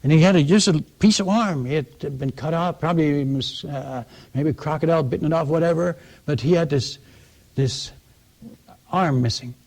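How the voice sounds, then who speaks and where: A man preaching as a missionary, telling a story in an animated way and often restarting and repeating words. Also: on the high side, moderate pace, creaky. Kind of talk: sermon storytelling.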